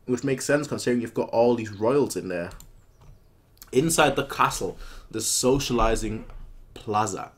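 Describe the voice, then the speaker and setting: A man's voice: mid-range voice, moderate pace, long pauses. A man chatting casually as he reacts to a manga chapter, rambling and restarting his sentences. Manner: rambling, animated, frequent restarts and fillers.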